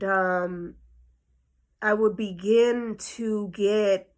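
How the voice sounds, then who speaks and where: An adult woman vlogger tells a personal story in a casual, chatty way full of fillers, sounding slightly out of breath. Her voice is mid-range with a fairly bright tone.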